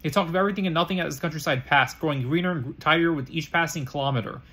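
Young man reading fan fiction aloud; quick, halting delivery, keeps correcting himself. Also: fairly high pitch, bright, forceful tone, breathy edge. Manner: halting, frequent self-corrections.

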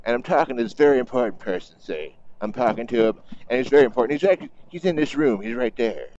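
A man's voice: mid-range voice, lively intonation, quick pace, a little mellow, muffled recording, a little hiss or hum, close to an everyday voice. A man putting on the voice of a boastful, self-important elderly male politician who keeps asking rhetorical questions.

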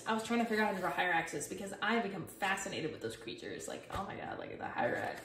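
A woman's voice: mid-range voice, very animated, quick pace, far from the mic, a little hiss or hum. A young woman casually chatting through her sketchbook, rambling, swearing a lot and mocking herself. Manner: rambling, profane and self-mocking. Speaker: artist showing her sketchbook. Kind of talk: casual chat. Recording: echoey and from off-mic, with music. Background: music playing.

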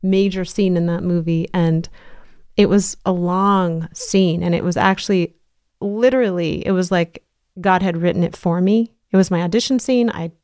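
A woman's voice: fairly low pitch, steady tone, normal speed, a little mellow, smooth, no echo, clean studio sound. A woman hosting a casual podcast interview, bubbly and gushing, laughing often. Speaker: podcast host.

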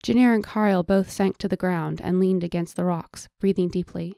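A woman narrating a fantasy audiobook in a measured storytelling manner. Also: lowish voice, fairly even intonation, creaky, warm tone, no echo, clean studio sound.

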